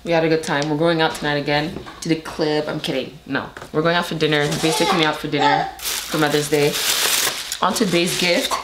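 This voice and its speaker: A young woman from Montreal with a slightly hoarse voice, chatting casually to camera in a rambling, filler-heavy way. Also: low-pitched, flat delivery, fairly quick. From Montreal, Canada. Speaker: vlogger. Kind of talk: casual vlog chat to camera. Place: indoors at home. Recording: echoey room with noise.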